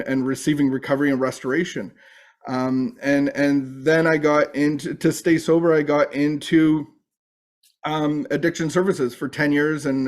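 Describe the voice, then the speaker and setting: A middle-aged man giving a personal recovery testimony, halting and full of restarts and fillers. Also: mid-range voice, a little mellow. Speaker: recovery speaker.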